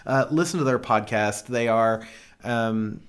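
A man's voice: mid-range voice, measured pace. A man co-hosting a podcast in casual chat, jokey and laughing often, swearing freely. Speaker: podcast co-host.

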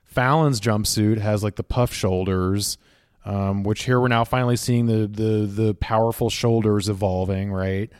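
Chatty, lower-voiced male co-host. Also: steady tone, a little slow, a little mellow, clear, resonant tone, no echo, clean studio sound. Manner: chatty, analytical, many fillers like "like" and "um". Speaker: podcast co-host. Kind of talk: casual podcast chat.

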